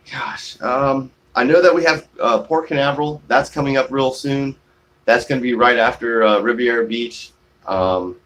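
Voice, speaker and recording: A man's voice: lowish voice, a bit bright. A man live-streaming from his shaded porch, chatting casually and reading out viewer comments, rambling with many fillers and restarts. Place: outdoors on a shaded home porch.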